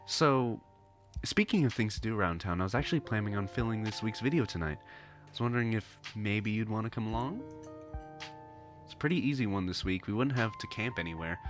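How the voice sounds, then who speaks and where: A man's voice: on the low side, fairly quick, over music, close to an everyday voice. A man voicing a young woman who hunts cryptids for online videos, upbeat and chatty, reading game dialogue. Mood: chipper. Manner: chipper, chatty, eager.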